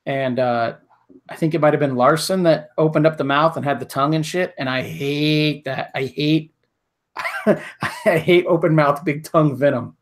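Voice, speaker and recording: Podcast co-host, male, slightly higher voice, blunt and swears freely in casual chat. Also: steady tone, normal speed. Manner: blunt, profane, opinionated.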